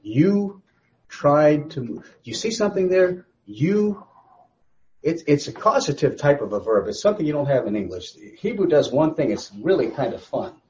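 Guy teaching bible study, lively up-and-down voice, keeps asking "you see?", dull lo-fi sound. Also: fairly high pitch, normal speed, slight background noise. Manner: emphatic, rhetorical questions, repeats phrases.

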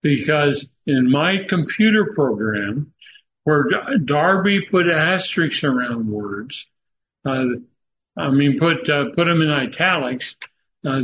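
Male Bible teacher, slightly high voice, slow and halting delivery, dull recording with faint hiss. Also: fairly bright tone. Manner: slow, halting, many "uh" fillers, emphatic stresses. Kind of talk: Bible study lecture.

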